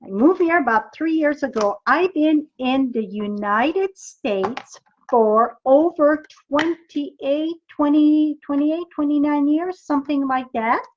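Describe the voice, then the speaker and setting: A woman's voice: high voice, slow pace, highs cut off, slight background noise. A middle-aged French Canadian woman with a French accent, chatting with viewers while demonstrating card making, thinking aloud as she works. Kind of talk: live-streamed crafting demo.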